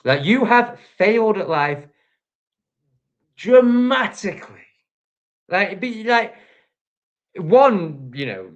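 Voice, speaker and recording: A man's voice: sits high, very animated, slow pace, long pauses, dull audio. A man from England with an English accent, ranting angrily and profanely at the critics in his reaction video. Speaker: vlogger. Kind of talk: angry reaction rant.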